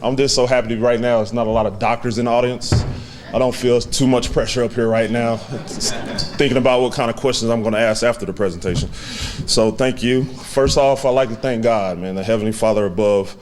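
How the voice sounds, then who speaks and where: A man in his twenties giving a heartfelt, halting acceptance speech to a banquet audience, with many fillers. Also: medium pitch, steady tone, darkish tone. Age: 20s. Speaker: hall of fame inductee giving a speech.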